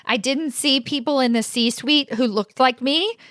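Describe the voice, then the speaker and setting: A woman in her forties telling a personal story to her audience, animated and expressive. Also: high voice, measured pace, dry recording, studio quality. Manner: animated, expressive, laughs often. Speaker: career coach and host.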